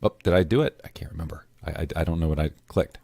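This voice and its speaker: Male tutorial host, low voice, loose and conversational, dead-dry close recording. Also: fast talker, darkish tone, dry recording. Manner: casual, self-correcting, clears throat often. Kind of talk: screen-recorded software tutorial.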